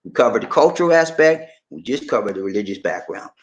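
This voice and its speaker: A middle-aged American man hosting a casual talk, jokey and animated, often jumping into a high excited voice. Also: fast talker, lo-fi sound. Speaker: channel host.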